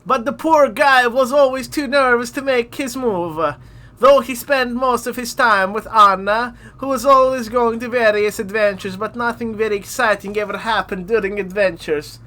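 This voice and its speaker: High, bright-voiced man groaning at old writing. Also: steady tone. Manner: halting, self-mocking, groaning asides. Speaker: streamer reading his own old fanfiction. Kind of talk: live-stream reading aloud.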